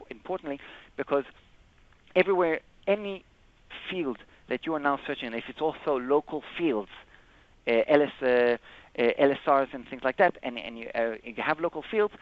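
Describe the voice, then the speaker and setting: Male trainer, mid-range voice, halting explanatory delivery with many self-corrections; dull, lo-fi webinar recording. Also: medium pitch. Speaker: software trainer presenting a webinar. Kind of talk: live screen-share product demo.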